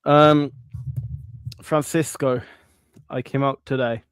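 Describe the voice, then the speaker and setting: A man's voice: medium pitch, little pitch movement, slow, clear, resonant tone, dry recording. A man hosting a casual livestream, upbeat and jokey, greeting viewers by name and reading their comments. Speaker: livestream host reading chat.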